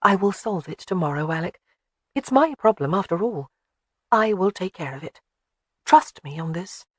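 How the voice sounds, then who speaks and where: A narrator voicing a spirited young bride. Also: male voice, sits high, expressive, moderate pace, no echo, clean studio sound.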